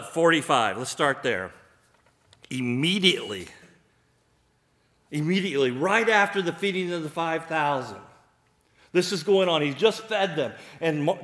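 A male preacher giving a sermon, telling the scene in an animated way and acting out its people. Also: on the high side. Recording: echoey room.

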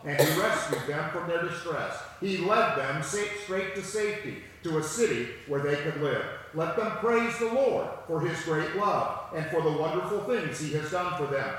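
A man preaching a sermon and reading scripture aloud, slow and emphatic, repeating key phrases. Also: fairly high pitch, a bit bright. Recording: echoey hall with long reverb.

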